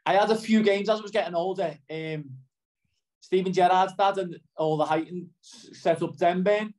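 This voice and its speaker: A man's voice: sits high, moderate pace, a little mellow, poor audio. A middle-aged man with a Liverpool accent, chatting in an interview, rambling and often asking "do you know what I mean". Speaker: interviewee, footballer. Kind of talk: casual interview chat.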